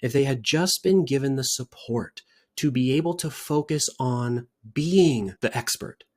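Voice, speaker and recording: A man giving an earnest, persuasive sales pitch to camera as the founder of a book-writing service, repeating his points for emphasis. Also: unhurried.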